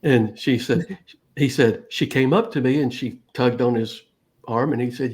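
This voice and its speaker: A man's voice: mid-range voice, brisk. Man telling a story with laughs. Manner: tells stories with laughs. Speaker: co-host. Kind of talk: casual chat, storytelling.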